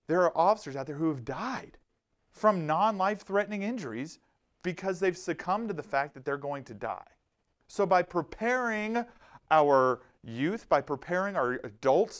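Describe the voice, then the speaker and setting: Energetic man giving a church safety talk. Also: on the high side. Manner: energetic, animated, storytelling with acted-out quotes. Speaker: safety trainer. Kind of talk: lively live presentation.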